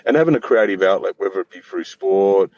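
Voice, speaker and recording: A man's voice: low-pitched, lively intonation, a little fast, a little mellow, dry recording. A middle-aged Australian man talking as a podcast guest in casual chat, rambling, swearing freely and restarting his sentences. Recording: slightly dull lo-fi audio with faint noise.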